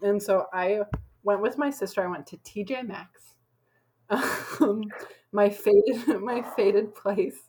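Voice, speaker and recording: A young woman co-hosting a podcast in easy, rambling chat. Her pitch sits in the middle, and she strings her thoughts together with a steady stream of "like". She sounds relaxed and conversational. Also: takes it slowly, slight background noise, poor audio. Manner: chatty, lots of "like" fillers. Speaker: podcast co-host. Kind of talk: casual chat.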